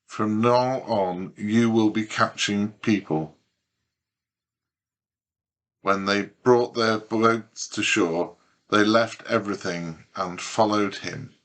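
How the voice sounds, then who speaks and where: A man reading a Bible passage aloud in a measured, deliberate way. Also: lowish voice, fairly bright tone. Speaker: scripture reader.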